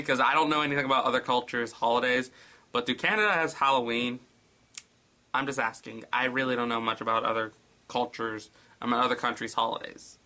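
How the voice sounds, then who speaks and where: A male narrator reads a creepy story in a hushed voice, then breaks off for sarcastic, exasperated asides. His voice is medium-pitched and steady in tone, and he goes a little fast.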